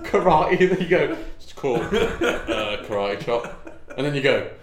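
A man's voice: mid-range voice, very animated, measured pace, noisy background. A young man co-hosting a podcast in casual chat, rambling, giggling and swearing freely. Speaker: podcast co-host. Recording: echoey room.

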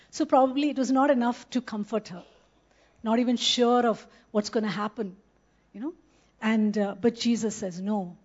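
A woman preaches a sermon in an earnest, personal way, slowing down to stress the words that matter. Her voice sits fairly high. The recording is a little dull and lo-fi. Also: darkish tone. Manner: earnest, slows down to stress scripture. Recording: slightly muffled, lo-fi.

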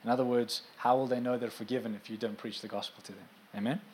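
A man's voice: medium pitch, fairly even intonation, fast, darkish tone, a little hiss or hum. A man preaching a sermon in a casual, conversational way, with asides to his congregation, who turns emphatic when he drives a point home.

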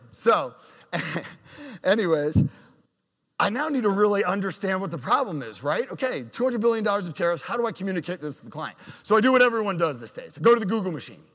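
Lively man in his thirties telling stories. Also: sits high, brisk, big-room sound. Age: 30s. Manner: animated, self-deprecating, acts out quotes. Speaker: storyteller on stage. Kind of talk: live storytelling.

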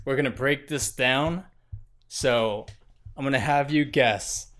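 A man's voice: medium pitch, slow, fairly bright tone. A young man co-hosting a podcast in casual chat, dry and wry, with some swearing. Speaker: podcast co-host.

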